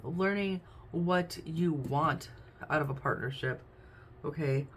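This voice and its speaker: A woman's voice: low-pitched, slow. A woman giving a casual tarot reading at home, chatty, with frequent "um"s and "okay?"s. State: hiccups. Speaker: tarot reader. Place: home room with window open. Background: faint noise from outside.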